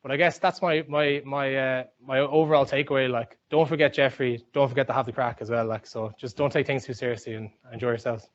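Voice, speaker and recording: An Irish man in his young adult years talks fast and loosely, with plenty of fillers and restarts. The sound is dull and lo-fi. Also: mid-range voice, fairly even intonation. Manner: rambling, chatty, many fillers and restarts. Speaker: speaker giving a talk. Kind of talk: informal talk with anecdotes.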